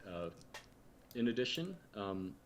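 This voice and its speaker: A man with a low voice narrates a tabletop role-playing game as game master. He speaks hesitantly and fills his pauses with ums and uhs. A faint hiss sits behind him. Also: big pitch swings.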